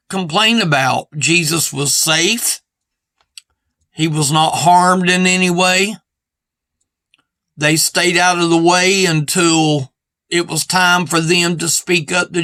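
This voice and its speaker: A man with a high, bright voice preaches a sermon at an unhurried pace. He sounds earnest and repeats his points in plain everyday grammar, and the recording is dry and close. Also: fairly even intonation, no echo. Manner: earnest and repetitive, stressing points with "see".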